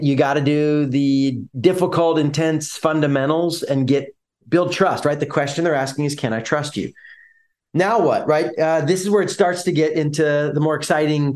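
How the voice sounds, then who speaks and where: A man co-hosting a business podcast, explaining ideas energetically with vivid images and acted-out quotes. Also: a little high. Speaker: podcast co-host. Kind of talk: casual business podcast chat.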